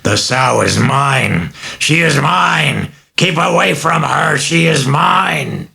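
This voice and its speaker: A man voicing a menacing demon, snarling slow and raised. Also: a little high, creaky, pushed and bright, voice pushed up, exaggerated voice.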